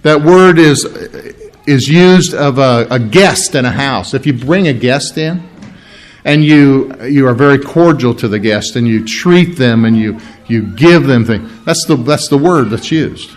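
A man preaching a sermon in church, animated and emphatic, stopping to explain Greek words. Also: fairly high pitch, unhurried. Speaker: pastor.

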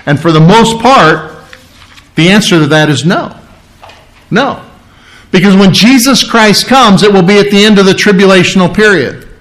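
A pastor preaching a sermon, emphatic and conversational, slowing down to read scripture and repeating key phrases. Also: male voice, sits high, a bit bright, low-quality recording. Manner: conversational, with frequent restarts and throat clearing.

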